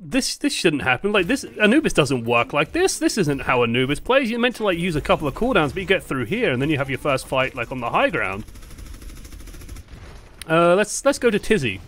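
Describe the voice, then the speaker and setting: Young man, casual esports analyst, bright voice, swears freely. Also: a little high, fairly quick, slight background noise. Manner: chatty, swears freely, animated asides. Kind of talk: casual match breakdown commentary.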